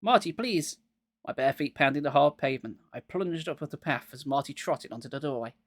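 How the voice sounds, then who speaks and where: A man's voice: medium pitch, a little fast, no room sound, studio quality. A man getting over a cold, giving a live reading of a children's horror book and breaking off with sarcastic asides. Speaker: reader.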